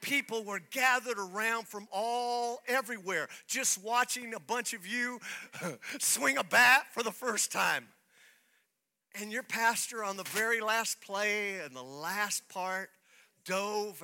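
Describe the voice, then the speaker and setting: A man with a high-pitched voice preaches a sermon as a pastor, taking it slowly. He tells a personal story in an animated way, acting out the dialogue.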